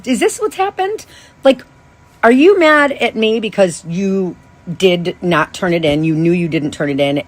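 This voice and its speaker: A woman in her thirties hosting a casual storytelling monologue, animated, swearing freely and often correcting herself mid-sentence. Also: lowish voice, poor audio. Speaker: podcast host.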